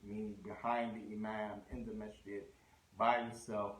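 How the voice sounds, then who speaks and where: A man's voice: lowish voice, level tone, normal speed, roomy sound, rough recording. A man giving a conversational religious lecture, mixing in Arabic phrases and restarting his sentences. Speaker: Islamic lecturer.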